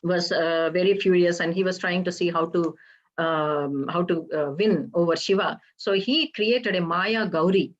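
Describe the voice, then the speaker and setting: A woman retelling a Hindu legend for a temple program, halting and explanatory, often pausing to ask her listeners questions. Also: fairly low pitch. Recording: slightly dull lo-fi recording.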